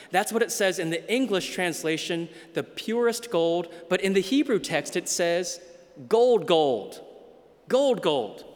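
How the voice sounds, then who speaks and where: Slow, high-voiced preacher in a hall. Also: male voice. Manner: slow, deliberate preaching with dramatic pauses and emphatic repetition. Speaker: pastor. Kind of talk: sermon.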